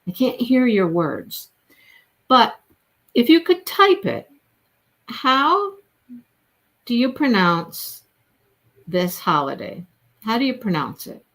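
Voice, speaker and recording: Slow-talking chatty woman crochet host. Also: on the high side, very animated, a bit bright. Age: middle-aged. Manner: chatty, rambling, laughs often. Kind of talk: casual livestream chat while crocheting. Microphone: phone.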